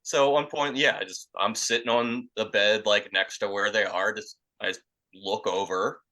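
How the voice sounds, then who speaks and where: A man's voice: on the low side, steady tone, normal speed, low-quality recording. A young man casually telling a crude story, rambling and profane, full of fillers. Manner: rambling, profane, filler-heavy, acts out quotes loudly. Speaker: podcast storyteller.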